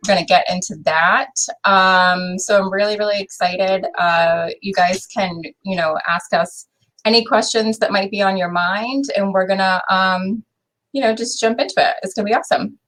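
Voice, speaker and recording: A woman's voice: medium pitch, fairly even intonation, normal speed, a bit bright, poor audio. Friendly Boston-accented woman, bookkeeping lead, chatty with fillers. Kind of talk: casual webinar talk. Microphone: video call.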